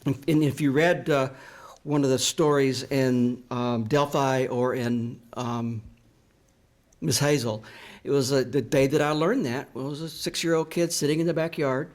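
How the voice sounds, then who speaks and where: A man's voice: mid-range voice, fairly even intonation, moderate pace. An older man from the American South, telling a personal story to an audience in a reflective, earnest and confessional way. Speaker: author. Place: library event room.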